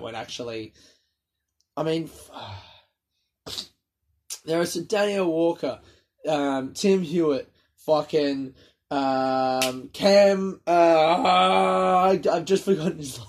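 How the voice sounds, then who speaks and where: A man's voice: a little high, a little mellow. Sniffly man, rambling podcast chat. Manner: rambling, self-deprecating, swears freely. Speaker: comedian podcast host. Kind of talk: casual solo podcast monologue.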